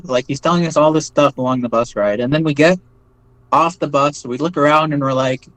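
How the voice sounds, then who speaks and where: A man telling his story as an interview guest in a loose, rambling way, full of fillers and quick "right?" checks. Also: medium pitch, steady tone, fairly bright tone, no room sound, poor audio. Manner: rambling, many fillers and tag questions like "right?". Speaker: interview guest, former foreign volunteer fighter. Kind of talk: casual spoken storytelling.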